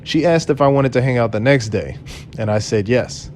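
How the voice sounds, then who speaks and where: A man's voice: mid-range voice, moderate pace, a little mellow, slight background noise. A man earnestly retelling a personal story, reading out his own messages. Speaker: channel host telling his own story. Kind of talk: personal storytelling read aloud.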